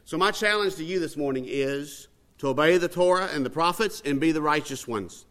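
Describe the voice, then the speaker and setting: A man preaches through a personal story in a folksy, conversational way. His voice sits a little high for a man, and he acts out the dialogue as he goes. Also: a little fast, fairly bright tone. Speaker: speaker at a religious gathering. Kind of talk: storytelling sermon.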